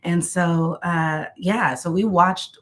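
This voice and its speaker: A woman's voice: lowish voice, fairly even intonation, takes it slowly. A woman from Mexico whose first language is Spanish, a costume designer reflecting on her career in a casual interview, with many fillers and restarts. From Tijuana, Mexico.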